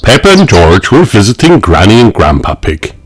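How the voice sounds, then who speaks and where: A man narrating a children's storybook with expressive storytelling. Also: fairly low pitch, moderate pace, soft background music. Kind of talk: children's audiobook reading.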